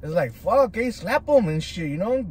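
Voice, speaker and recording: Animated man, cursing while eating. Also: sits high, normal speed, slight background noise. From Southern California. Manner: profane, slangy storytelling with Spanish words. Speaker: food vlogger. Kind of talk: casual chat while eating.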